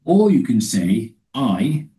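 Man, Bible teaching talk, halting with restarts, slow deliberate scripture reading, heard a bit off-mic. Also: medium pitch, very animated, warm tone, recorded from a distance, low-quality recording. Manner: halting, with many restarts and fillers; reads scripture slowly and deliberately. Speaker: preacher.

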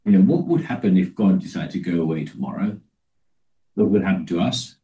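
Deep, dark-voiced male preacher. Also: distant mic, poor audio. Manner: halting, with many restarts and fillers; reads scripture slowly and deliberately. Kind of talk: Bible teaching talk.

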